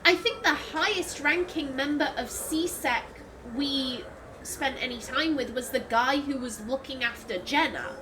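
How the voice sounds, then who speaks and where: A woman's voice: high-pitched, measured pace, noisy background. A woman, chatting through a video game as a let's play host, swearing freely and laughing often. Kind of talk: casual gameplay commentary.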